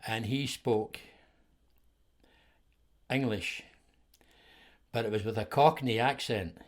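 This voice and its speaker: A man's voice: lowish voice, slow. Chuckling older Scottish man telling stories. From Scotland. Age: 70s. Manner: rambling anecdotes with frequent chuckles and restarts. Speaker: podcast guest. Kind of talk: casual storytelling conversation.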